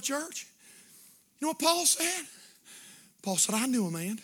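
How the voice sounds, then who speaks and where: Male pastor, high bright voice, fiery sermon delivery with loud peaks and soft asides. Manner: shouting, impassioned preaching with sudden drops to quiet.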